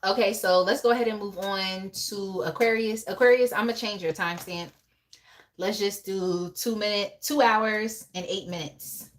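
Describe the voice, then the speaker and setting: A woman's voice: mid-range voice, fairly even intonation, normal speed, a little hiss or hum. A young woman hosting a casual live tarot reading, chatty and laughing often as she talks to viewers in the chat by name. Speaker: tarot reader on a live stream.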